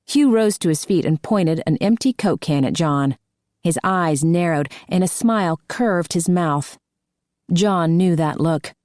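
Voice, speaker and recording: A woman reading an audiobook as narrator in a steady, measured way, close to a studio mic. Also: on the low side, dry recording. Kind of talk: scripted narration.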